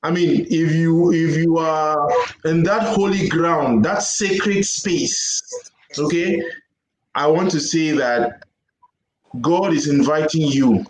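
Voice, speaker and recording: A man hosts an interview show, promoting his guest in an encouraging, announcer-like way. His voice is pitched fairly high for a man. The room sounds echoey. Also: takes it slowly. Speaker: show host. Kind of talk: interview hosting.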